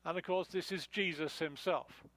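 A man's voice: a little high, normal speed, fairly bright tone, dry recording, poor audio. A man preaching a conversational expository sermon, with many fillers and restarts as he explains a passage verse by verse. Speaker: pastor.

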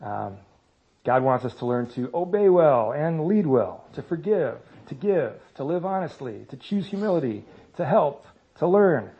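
A man's voice: on the high side, big pitch swings, unhurried. A man in his thirties speaking to a church congregation about parenting, in a conversational way with self-mocking humor. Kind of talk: church talk. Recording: slightly dull lo-fi sound.

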